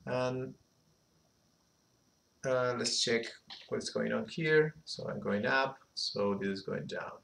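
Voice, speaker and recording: A man giving an unhurried animation software tutorial, thinking aloud as he works, with a slight phrasing. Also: mid-range voice, vocal fry. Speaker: animation instructor. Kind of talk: screen-recorded software tutorial.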